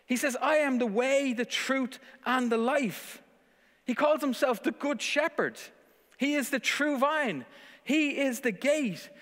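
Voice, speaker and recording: High-voiced man preaching in echoey hall. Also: a bit bright. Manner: earnest, emphatic preaching with rhetorical questions. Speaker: pastor. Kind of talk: sermon. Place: church service, streamed online. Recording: long church-hall reverb.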